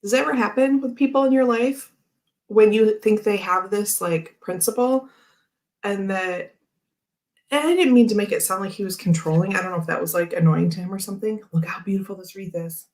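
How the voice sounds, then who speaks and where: A woman's voice: medium pitch, brisk, darkish tone. Rambling chatty woman host. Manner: rambling, filler-heavy storytelling with frequent laughs. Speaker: tarot channel host. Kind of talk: casual chat.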